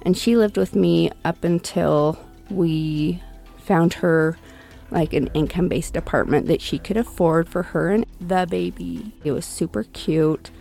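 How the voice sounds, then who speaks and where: A woman with a low, gravelly voice tells a painful personal story in an interview. She talks haltingly and restarts often, and her pitch jumps up whenever she quotes what others said. Soft music runs faintly underneath. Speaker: interview guest, bereaved mother. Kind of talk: personal account in conversation.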